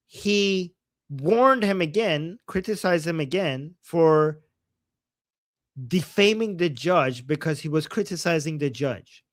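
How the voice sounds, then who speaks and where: A man hosting a casual livestream, reading viewer chat and reacting heatedly to clips, swearing freely and swinging from soft asides to loud outbursts. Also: a little high, no echo, studio quality. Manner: reads viewer chat aloud.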